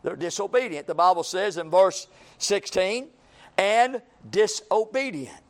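A man's voice: sits high, normal speed. A man preaching a sermon, folksy and repetitive, building to emphatic calls and acting out everyday scenes.

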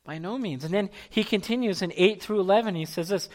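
A man preaching a sermon as pastor, repeating key phrases for emphasis and at times dropping to a hushed, near-whispered delivery. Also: sits high, a little fast, few pauses.

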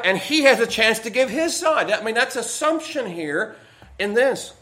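A male pastor with a high, pushed, bright voice preaches at a moderate pace during a midweek service. He jokes and spins folksy stories to illustrate his message, recorded in an echoey church sanctuary.

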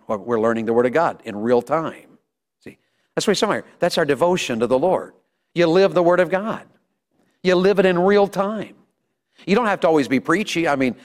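A middle-aged man preaching a sermon in a church, folksy and humorous, often calling out to his listeners. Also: medium pitch. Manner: folksy, humorous, calls out to the audience. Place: church sanctuary. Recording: long hall reverb.

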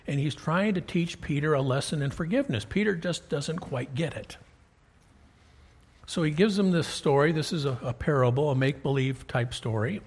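Husky-voiced man preaching folksy sermon. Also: fairly high pitch. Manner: folksy, conversational preaching with rhetorical questions. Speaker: pastor.

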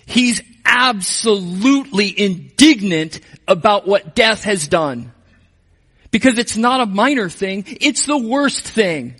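A man preaching a sermon as pastor, moving between emphatic passages and hushed, slow reflection. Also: high voice, very animated, husky, in a large hall.

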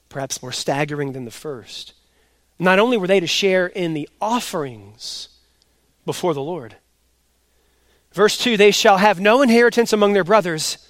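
A pastor preaching an expository sermon. He sets loud, emphatic stresses against quiet asides, and he repeats his key points slowly. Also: fairly high pitch, no echo.

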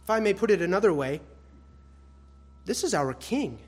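A male preacher giving an expository sermon, addressing his listeners as beloved, swinging between loud emphatic stress and hushed soft phrases. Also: high voice, very animated, moderate pace, husky.

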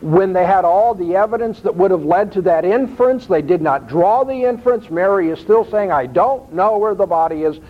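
A man's voice: high-pitched, normal speed, hardly any pauses. Man preaching in a dull, lo-fi recording. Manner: expressive, rising emphasis when quoting scripture. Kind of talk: sermon.

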